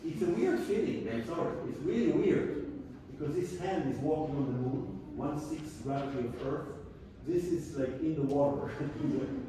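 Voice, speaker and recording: A male cello teacher coaching a student in a masterclass, animated and playful, sometimes singing phrases to demonstrate. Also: fairly high pitch, normal speed, heavy background noise. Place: concert hall. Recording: echoey hall from far off. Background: cello playing.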